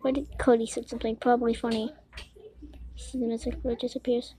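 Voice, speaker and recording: Girl gamer muttering and ranting at her game, fairly high voice, giggly, gets worked up fast. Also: slightly rough. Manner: excitable, quick to frustration, giggly, talks to herself. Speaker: gamer playing a Roblox game. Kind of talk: casual let's-play commentary.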